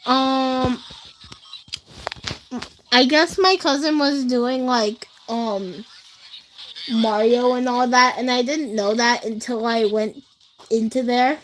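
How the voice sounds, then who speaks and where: A woman's voice: a little high, steady tone, takes it slowly, long pauses, poor audio. A teenage girl livestreaming, telling school stories to her chat in a rambling, casual way, full of fillers. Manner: chatty, rambling, many fillers, speaks straight to chat. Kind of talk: casual storytelling to a live chat.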